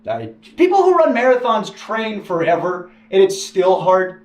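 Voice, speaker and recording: A man telling his own story about working as an employee, rambling and self-deprecating, quoting other people in animated voices. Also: high-pitched, measured pace, hardly any pauses. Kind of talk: personal storytelling in a video.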